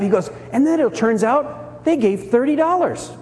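A man preaching a sermon as pastor, telling the story with lively, acted-out voices for the people in it. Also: very high voice, moderate pace, few pauses, big-room sound. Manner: animated storytelling, acts out characters.

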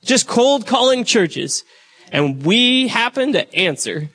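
A man's voice: very high-pitched, very animated, slow, fairly bright tone, slightly rough. A man, the church's pastor, chatting to the congregation as he introduces a guest speaker. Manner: conversational, addresses the crowd directly.

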